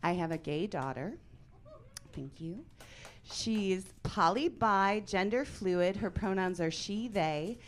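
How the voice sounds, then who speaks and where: A woman in her forties performing a stand-up comedy set, with a dry deadpan delivery that breaks into loud bursts of mock outrage. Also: medium pitch, takes it slowly, slight background noise. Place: comedy club stage before a live audience.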